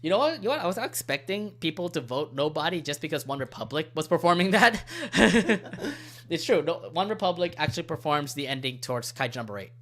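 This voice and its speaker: A man hosting a podcast in casual chat, animated and laughing often, stumbling over titles. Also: a little high, fairly quick. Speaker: podcast host.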